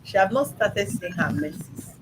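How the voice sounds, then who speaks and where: Male mediator, high voice, firm and probing, traffic noise behind. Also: animated, measured pace. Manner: firm, probing, repeats questions. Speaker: mediator host. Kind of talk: questioning a child in a family dispute.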